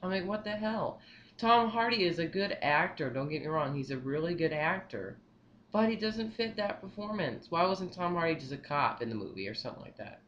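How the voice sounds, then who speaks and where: A young man giving his movie opinions in a casual vlog, rambling and excitable, repeating himself often. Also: a little high, brisk, muffled recording, a little hiss or hum. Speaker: vlogger.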